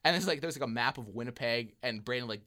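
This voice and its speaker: With a mid-range voice and a quick pace, this young podcast host narrates a story in a relaxed way. He's lively throughout, performing the characters' voices and frequently laughing.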